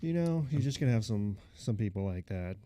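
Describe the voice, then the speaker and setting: A man co-hosting a podcast in casual chat, speaking in an easygoing, measured way from a small studio. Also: on the low side, lively intonation, dark tone. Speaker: podcast co-host.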